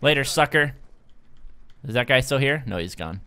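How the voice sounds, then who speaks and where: A young man narrates his gameplay for his channel in a bright, clear voice. His pitch jumps all over as he jokes, laughs and yelps at the action. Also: normal speed. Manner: excitable, jokey, laughs often. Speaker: gaming youtuber. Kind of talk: casual gameplay commentary. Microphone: desk microphone.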